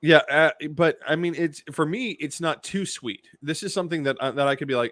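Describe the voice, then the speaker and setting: A man co-hosting a podcast, describing beer flavors in a casual, halting way full of restarts. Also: a little high, a bit bright, dry recording. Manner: hesitant, lots of restarts and fillers, descriptive. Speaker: podcast co-host. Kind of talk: casual chat, beer review.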